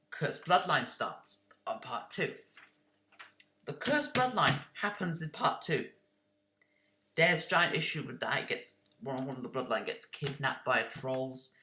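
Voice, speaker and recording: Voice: medium pitch, pushed and bright, echoey room. A video creator talking casually and rambling, correcting themselves and snapping defensively at imagined critics. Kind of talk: casual rambling explanation to camera.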